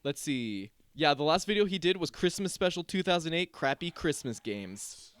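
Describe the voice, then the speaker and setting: Lively, animated male podcast host. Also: on the high side, moderate pace, clear, resonant tone, dry recording, studio quality. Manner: animated, laughs a lot. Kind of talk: casual chat.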